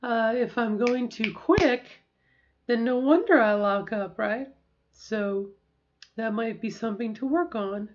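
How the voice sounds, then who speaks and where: A middle-aged woman talks to her camera in a slightly high voice, reflective and a little halting. She slows down on purpose to practice deliberate speech, sounding a bit sore. The recording is dull and lo-fi. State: sore after a treatment. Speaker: vlogger. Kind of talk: casual talk to camera.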